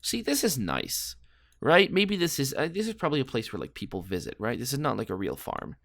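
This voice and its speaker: A man's voice: mid-range voice, very animated, fairly quick, vocal fry, a bit bright, no room sound, clean studio sound. A man giving casual, rambling commentary while playing a guessing game, joking and thinking aloud. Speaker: gameplay commentator.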